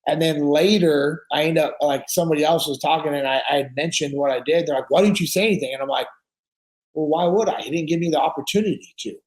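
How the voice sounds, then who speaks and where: Storytelling man with a raised pitch. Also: quick pace, low-quality recording. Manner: storytelling, acting out quoted dialogue. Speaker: podcast guest. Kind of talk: casual conversation.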